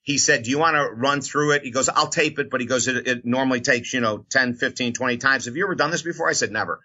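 Male radio host, bright tone, animated storyteller, muffled lo-fi audio. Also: mid-range voice, quick pace. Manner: animated storyteller acting out quoted voices. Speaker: radio host and motivational speaker. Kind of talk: storytelling interview answer.

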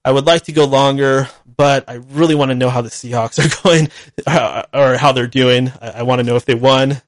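A man's voice: mid-range voice, fairly even intonation, moderate pace, dry recording. A man hosting a call-in talk show alone, speaking bluntly and at length, repeating himself as he rants. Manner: blunt, ranting, repetitive. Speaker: radio show host. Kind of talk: solo call-in show monologue.

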